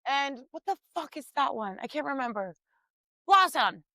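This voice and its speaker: A young woman co-hosting a podcast, telling family stories in loud, profane casual chat. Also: high voice, sing-song, normal speed, no echo, poor audio. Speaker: podcast co-host.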